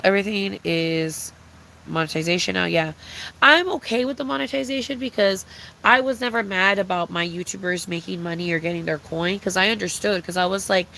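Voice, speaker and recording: A woman's voice: fairly low pitch, gravelly, fairly bright tone, a little hiss or hum. A young woman streamer in casual chat, rambling and swearing with many fillers.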